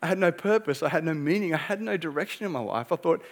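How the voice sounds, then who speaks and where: Man, young pastor, emphatic sermon, rhetorical questions, slightly high voice. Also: fast talker, hardly any pauses.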